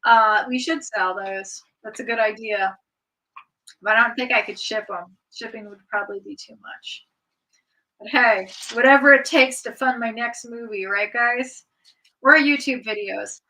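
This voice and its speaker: Casual livestream host, woman, bright and crisp tone, giggly and rambling, reads viewer comments aloud. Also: a little high, a little slow, poor audio. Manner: chatty, reads out viewer comments and answers them; giggly, rambling with many likes. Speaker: streamer hosting a live chat.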